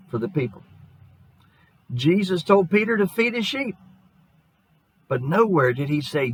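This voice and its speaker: A middle-aged man preaching as a pastor, hoarse and losing his voice, telling a folksy, earnest story in his sermon. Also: medium pitch, rough recording.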